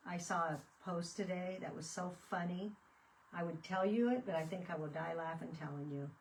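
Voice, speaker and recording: A craft video host chats casually while working on a project, telling a story and breaking into fits of laughter. Her lowish voice moves fairly quickly and sits a bit far from the mic, with a little hiss or hum.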